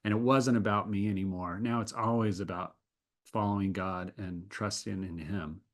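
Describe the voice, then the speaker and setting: A man's voice: low-pitched, fairly even intonation, moderate pace. A man telling a personal faith story as an interview guest. He speaks earnestly and often restarts his sentences. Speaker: guest animator.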